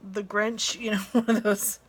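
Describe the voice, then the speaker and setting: A woman's voice: mid-range voice, little pitch movement, measured pace, breathy edge. A middle-aged woman vlogging casually from her car as she drives, chatty, flustered and self-deprecating, talking into a phone on a gooseneck holder. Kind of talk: casual driving vlog. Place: inside a car while driving. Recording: car noise behind her.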